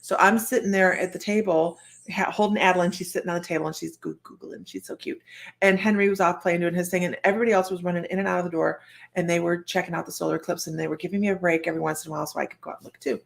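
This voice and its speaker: An older woman, a psychic medium, telling a personal story in a chatty, animated way with frequent laughter. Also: fairly low pitch, very fast, gravelly. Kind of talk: storytelling monologue.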